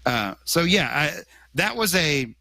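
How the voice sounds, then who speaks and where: A man's voice: fairly high pitch, sing-song, slow pace, sharp tone, no echo, poor audio. A man speaking as an interview guest, earnest and emphatic, often restarting his sentences. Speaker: magazine editor and guest. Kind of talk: conversational interview.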